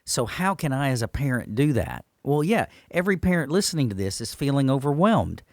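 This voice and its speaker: A man's voice: mid-range voice, sing-song, fairly quick, no room sound, studio quality. A man, a pastor, talking earnestly and with emphasis in a church podcast discussion.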